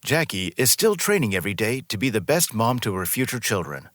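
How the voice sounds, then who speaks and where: Lively low-voiced male narrator, dry. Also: fairly quick, no echo. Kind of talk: scripted story narration.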